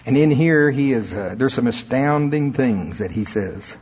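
Husky preacher in an echoing hall. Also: male voice, animated, a little mellow. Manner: preaching with sudden rises in pitch and drawn-out emphasis. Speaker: pastor. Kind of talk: sermon. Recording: echoey hall reverb.

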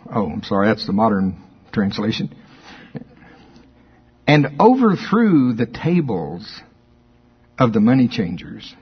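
Husky guy preaching, storytelling vibe, gets loud acting out quotes, kinda muffled lo-fi sound. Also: medium pitch. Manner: animated storytelling, acts out quotes with rising voice. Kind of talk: sermon.

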